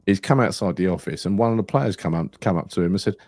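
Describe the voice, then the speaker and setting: A man with a deep voice chats loosely about football with friends, swearing and telling stories. The sound is dry and close, with nothing around it. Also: lively intonation, fast, a little mellow, dry recording. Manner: chatty, swears freely, tells anecdotes. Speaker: podcast co-host. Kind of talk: casual football banter.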